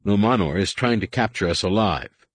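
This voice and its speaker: A man voicing a calm, stern young Jedi in an audiobook, speaking evenly and with reproach. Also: on the low side, moderate pace, no echo. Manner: even, condemning.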